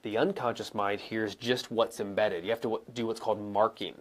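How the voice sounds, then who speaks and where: A young adult man coaching live viewers in a casual, conversational way, acting out examples with pauses and emphasis. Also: on the low side, fairly even intonation. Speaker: coach and speaker answering viewer questions. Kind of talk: live-streamed teaching. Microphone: camera mic, moves around and sits back down.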